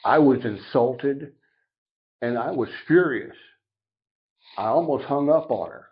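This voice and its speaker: A middle-aged man on a podcast telling a personal recovery story, animated and acting out each side of the dialogue. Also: medium pitch, slow pace. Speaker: podcast guest. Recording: dull lo-fi sound.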